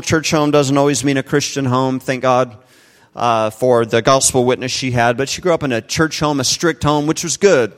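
A man's voice: fairly high pitch, a bit bright. Earnest male preacher in a reverberant hall. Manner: earnest, emphatic preaching with rhetorical questions. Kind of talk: sermon.

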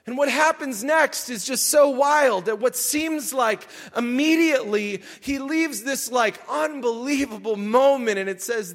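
A male pastor preaching a sermon in an animated way, shouting for emphasis. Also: very high-pitched, measured pace.

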